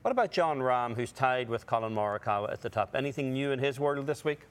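A man giving articulate, measured golf analysis on a broadcast, with a wry touch. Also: mid-range voice, lively intonation.

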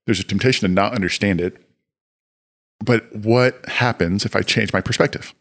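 A young man telling a lively personal story on a podcast, acting out his own shouting as he goes. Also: fairly low pitch, normal speed. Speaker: podcast co-host. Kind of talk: casual storytelling.

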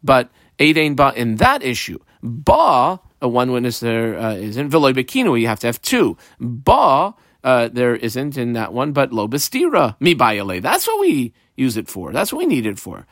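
A man's voice: mid-range voice, huge pitch swings, moderate pace, few pauses, fairly bright tone, no room sound. A man teaching a study lesson, reading each line of the text aloud and then explaining it step by step. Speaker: Talmud teacher.

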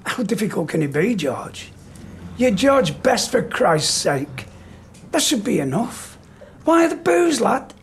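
A soft-spoken clown who is really a guardian angel, played by a man in a live pub play. He preaches gently in a fairly high voice and teases now and then. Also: slow pace, slight background noise, heavily acted. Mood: pleading. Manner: calm, preachy, gently teasing. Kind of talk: live stage play performance. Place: pub performance.

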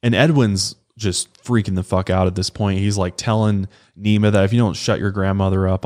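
A man's voice: sits low, steady tone, fairly quick, few pauses, darkish tone. A man co-hosting a podcast, recounting a true-crime case in a loose, conversational way with casual swearing. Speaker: podcast co-host.

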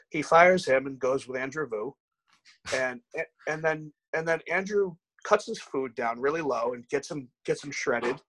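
A man's voice: mid-range voice, no echo, low-quality recording. A man, a bodybuilding coach, telling candid stories in a casual podcast chat, swearing freely and acting out the dialogue. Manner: candid, profane, animated anecdotes with quoted dialogue.

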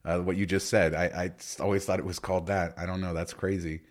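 A man with a low voice and level tone talks quickly while co-hosting a casual podcast chat. He rambles through stories, full of fillers and restarts.

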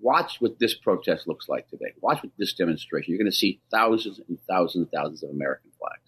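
A man with a low, husky, slightly bright voice talks quickly and expressively as a radio interview guest. He is an ambassador, and he speaks urgently, emphatically and insistently, often restarting his sentences.

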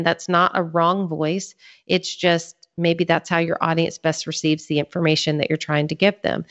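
A woman with a fairly low voice talks earnestly as a podcast guest, working through her points in order. The recording is a little dull and lo-fi, and her delivery stays conversational and teacherly. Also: fairly bright tone. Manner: earnest, teaching, lays out points in a clear sequence. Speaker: podcast guest, author and ministry leader. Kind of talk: conversational interview talk. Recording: slightly dull lo-fi sound.

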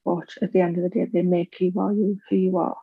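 A woman in her forties, an interview guest candidly telling her life story and acting out the voices of others with big pitch jumps. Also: flat delivery, a little fast, breathy edge, no room sound, phone-quality sound.

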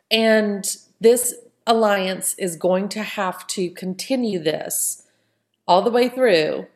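A woman hosting a casual podcast chat, talking loosely and often tagging her points with "right?". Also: mid-range voice. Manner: chatty, keeps adding "right?". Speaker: podcast host.

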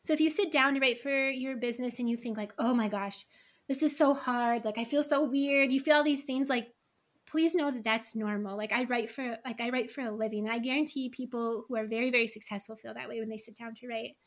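A woman's voice: on the high side, fairly even intonation, fast, a bit bright. A middle-aged woman talking casually as a podcast guest, chatty and full of asides. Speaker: guest, email copywriter.

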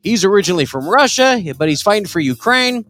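Brief: lively male podcast co-host, profane and jokey, somewhat high voice. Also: soft background music. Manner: crude, joking, animated, quick to laugh. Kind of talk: casual comedy podcast banter.

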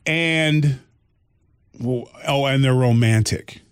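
Animated man telling a funny story. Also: slow, clean tone. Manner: animated storyteller, jumps high when quoting others. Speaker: comedian and podcast host. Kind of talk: casual chat, storytelling.

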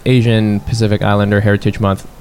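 A man's voice: on the low side, level tone, fast talker, a little mellow, a little hiss or hum. A man co-hosting a podcast, chatting in a laid-back, rambling way and swearing casually. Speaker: podcast co-host. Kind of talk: casual chat.

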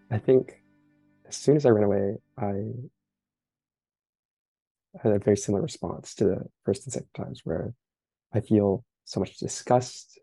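A young man, the guest of an interview, telling his story in an earnest, reflective way, pausing often with fillers. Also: lowish voice, dark tone, no room sound, poor audio. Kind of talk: candid personal account.

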